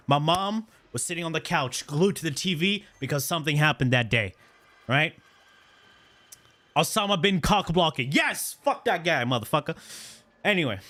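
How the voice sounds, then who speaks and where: A man in his thirties spins a personal story for his stream chat in a loose, slangy voice, cursing freely and tossing in "right?" after nearly every point. His voice sits fairly high and rings very bright and forward. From Canada. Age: 30s. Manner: animated, slangy, profane, repeats "right?".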